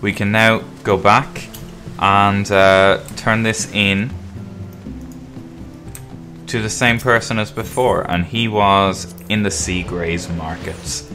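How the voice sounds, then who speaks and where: Deep, bright-edged male host for casual game walkthrough commentary, faint music under. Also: takes it slowly. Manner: relaxed, explaining as he plays, with frequent um and uh. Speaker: game guide video host.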